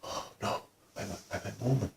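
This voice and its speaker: A man voicing a timid, soft-spoken young male island policeman with a very quiet, gentle voice. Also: on the low side, fast, vocal fry, reverberant, distant mic.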